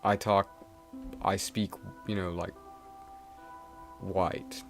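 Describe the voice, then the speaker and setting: A young man streams a game and rambles casually as he plays, full of fillers and false starts. His voice sits low with a flat, very slow delivery, and the game music comes through clearly behind him.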